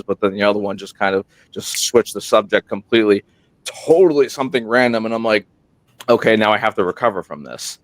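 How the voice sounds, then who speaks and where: Rambling deep-voiced man telling a story. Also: no room sound. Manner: rambling, animated retelling with quoted voices. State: tired at night. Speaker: podcast host, guest. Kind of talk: casual interview storytelling. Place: remote room while on military deployment. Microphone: single portable microphone.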